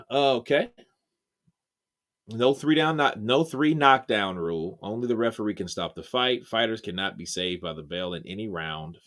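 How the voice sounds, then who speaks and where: A man's voice: fairly low pitch, big pitch swings, unhurried, fairly bright tone. A man hosting a live stream with casual, crude, jokey commentary. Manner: joking, crude, laughs often. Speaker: livestream host.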